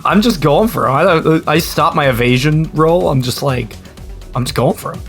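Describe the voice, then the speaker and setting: A man's voice: on the high side, moderate pace, gravelly, fairly bright tone, soft background music. A man playing a tabletop game, describing his character's moves eagerly. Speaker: player. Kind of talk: casual tabletop play.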